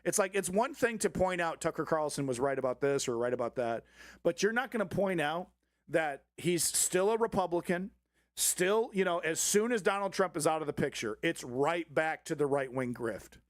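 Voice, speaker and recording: A man's voice: a little high, animated, moderate pace, no room sound, clean studio sound. A man hosting a live commentary stream, ranting sarcastically and swearing often. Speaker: host.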